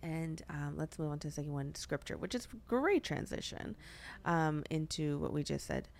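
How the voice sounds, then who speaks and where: A woman's voice: deep voice, lively intonation, moderate pace, a little hiss or hum. A young woman hosting a podcast, talking earnestly about faith in a chatty way, full of filler words. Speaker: podcast host. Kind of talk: casual faith discussion.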